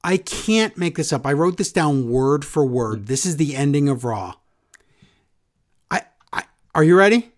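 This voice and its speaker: A man's voice: a little high, expressive, unhurried. Sarcastic, exasperated podcast co-host man. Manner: sarcastic, exasperated, mocking impressions. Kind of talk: casual chat recapping wrestling.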